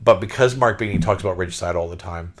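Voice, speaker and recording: Excitable podcast host, lowish voice. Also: male voice, fast. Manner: excitable, repeats words, restarts when carried away. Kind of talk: casual storytelling monologue.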